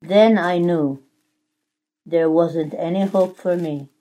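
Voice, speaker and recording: A woman's voice: fairly low pitch, fairly even intonation, slow pace, warm tone. A woman reading as a pleading clay teacup. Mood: anguished. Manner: pleading, crying out.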